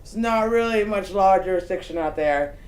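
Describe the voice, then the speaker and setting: A woman with a medium-pitched voice, speaking at a moderate pace in an echoey room, tells an unscripted personal story. She's casual and animated, sprinkling in lots of "like" and an occasional swear word.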